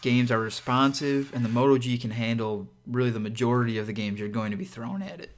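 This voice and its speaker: A man hosts his own channel and walks through a phone review in a relaxed, conversational way. He sounds upbeat and direct, with an ordinary middle-pitched voice, and keeps turning to the viewer with casual asides. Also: quick pace, soft background music. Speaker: tech reviewer and channel host.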